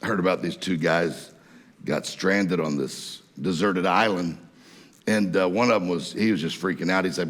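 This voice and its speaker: A man's voice: sits low, moderate pace. A man from Mississippi, preaching a sermon in a folksy storytelling way and laughing at his own jokes. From Mississippi, USA. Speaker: guest preacher. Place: church hall. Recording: long church hall reverb.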